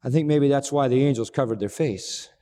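A man delivers a sermon dramatically, acting out quoted dialogue and swinging between hushed, low passages and ringing, high exclamations. He speaks briskly, and a long hall reverb surrounds his voice.

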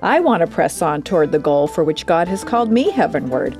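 A woman's voice: fairly low pitch, very animated, a little fast, a little mellow, faint music behind. A woman co-presenting a Christian program, speaking to listeners in an encouraging way. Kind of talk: scripted devotional talk.

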